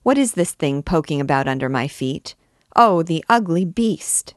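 A woman's voice: low-pitched, expressive, moderate pace, no echo, studio quality. A woman reading the part of a fussy, indignant older noble lady, with haughty exclamations.

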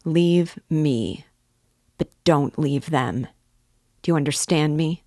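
A woman voicing a brooding, feverish young man who speaks slowly and gravely. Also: low voice, a little mellow, no room sound, clean studio sound, exaggerated voice.

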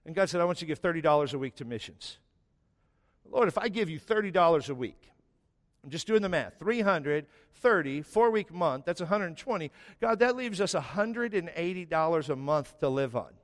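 A man's voice: on the high side, fairly quick. A middle-aged male pastor preaching a sermon in a church, telling stories with rising emphasis. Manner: animated storytelling with rising emphasis. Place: church sanctuary. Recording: long church reverb.

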